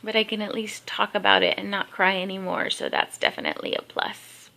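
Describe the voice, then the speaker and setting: Bright-voiced woman vlogging casually. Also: mid-range voice, steady tone, fairly quick, gravelly. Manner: rambling storytelling with many fillers. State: just woke up. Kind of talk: casual personal vlog. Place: at home. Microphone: handheld camera.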